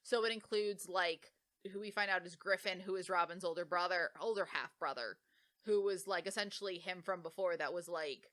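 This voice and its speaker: A woman co-hosting a podcast, casually retelling a book's plot with lots of "like" fillers and quick self-corrections. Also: on the low side, a bit bright. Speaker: podcast co-host. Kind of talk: casual book summary.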